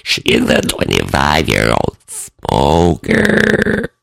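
A man doing a deep, gravelly impression of a young woman smoker with a lazy drawl. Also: wildly swooping pitch, very slow, fairly bright tone, no room sound, clean studio sound, exaggerated voice. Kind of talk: podcast impression bit.

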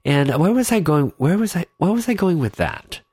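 A man's voice: on the high side, very animated, moderate pace, a little mellow, husky, dry recording, studio quality. Congested man rambling on his podcast. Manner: rambling, loses his train of thought, chatty. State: stuffed-up nose, congested. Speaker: podcast host. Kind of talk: casual solo podcast talk. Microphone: in-ear headphones with mic.

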